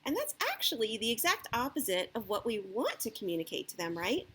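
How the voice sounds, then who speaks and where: A woman's voice: on the high side, sing-song, brisk, fairly bright tone, breathy edge. A woman giving casual parenting advice, checking in with her listeners with frequent "okay?" and "right?". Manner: acts out the parent's lines in a lifted voice. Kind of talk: casual advice talk to camera.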